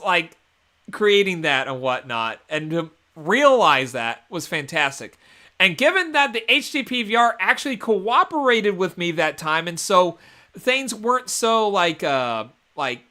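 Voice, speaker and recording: A man's voice: a little high, bright, forceful tone, clean tone. A man hosting a casual livestream over gameplay, rambling with many fillers and restarts. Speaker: gaming channel host. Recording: game music playing behind the voice. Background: game soundtrack music.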